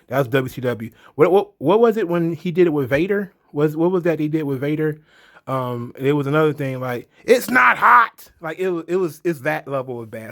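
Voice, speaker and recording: A man giving a casual, blunt movie review, rambling and swearing freely. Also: fairly high pitch.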